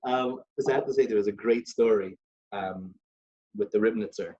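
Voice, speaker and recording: A man's voice: on the low side, moderate pace, darkish tone. A man co-hosting a podcast, telling stories in a casual religious discussion with many restarts and Yiddish terms. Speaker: podcast co-host. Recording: dull lo-fi recording.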